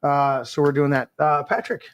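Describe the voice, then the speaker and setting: Man, podcast host, impassioned rant, swearing, higher pitch. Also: normal speed. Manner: fervent, swears freely, acts out quoted voices. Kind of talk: impassioned preaching rant on a live show.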